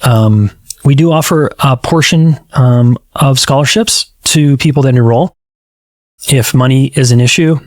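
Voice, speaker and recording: A man's voice: medium pitch, unhurried. A man hosting his own podcast as a relationship coach, talking earnestly and conversationally and acting out exchanges with clients. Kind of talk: solo podcast talk.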